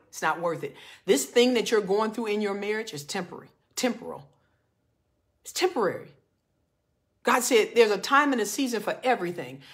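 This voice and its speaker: In her forties and a marriage coach, this woman delivers an emphatic, fervent preaching talk. She swings from loud reading to low, earnest talk.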